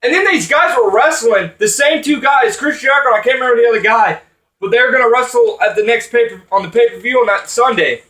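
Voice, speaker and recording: A man's voice: extremely high pitch, fast talker, bright, forceful tone, roomy sound, distant mic. A man ranting angrily about wrestling, swearing often and rambling with restarts. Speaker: wrestling commentator vlogger. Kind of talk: angry profane rant.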